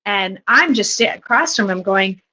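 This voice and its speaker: A woman with a husky, slightly breathy voice tells lively comedy stories on a podcast. She jumps into quick quoted voices as she talks. The sound is dull and lo-fi. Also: medium pitch. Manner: animated storytelling, jumping into quoted voices. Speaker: guest, improv comedian and theatre teacher. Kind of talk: casual podcast chat.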